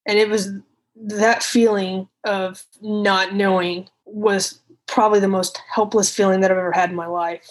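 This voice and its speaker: A woman telling a personal story unscripted, halting and emotional, with frequent restarts and some swearing, acting out what others said. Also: mid-range voice, level tone, rough recording. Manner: retells conversations in quoted speech.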